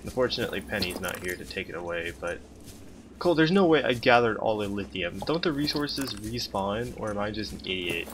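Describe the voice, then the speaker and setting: Sarcastic streamer, low voice. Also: male voice, expressive, brisk, background noise. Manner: sarcastic, chatty, talks to chat. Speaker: game streamer. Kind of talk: casual gameplay commentary.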